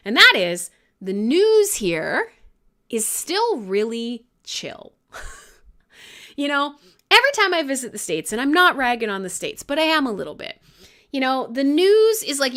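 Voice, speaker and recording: Lively, bright-voiced woman host. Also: on the high side. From Canada. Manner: swearing, laughing, joking. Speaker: radio show host. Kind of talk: irreverent live chat.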